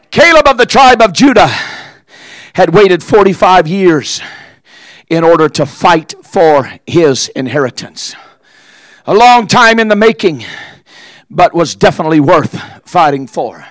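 A man preaching a sermon as pastor, impassioned, with frequent "uh" fillers between shouted phrases. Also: sits high, lively intonation, a little slow, pauses often, no echo.

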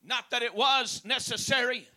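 High-voiced, emphatic male preacher. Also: normal speed, bright, forceful tone. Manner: emphatic, drawing out key words; punctuates with praise and amen. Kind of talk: sermon.

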